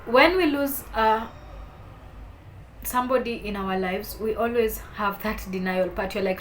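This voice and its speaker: A young woman, talking to camera in a heartfelt, halting way while holding back tears. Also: mid-range voice, a little hiss or hum. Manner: heartfelt, halting, soft-spoken with emotional swells. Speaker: vlogger. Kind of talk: personal talk to camera.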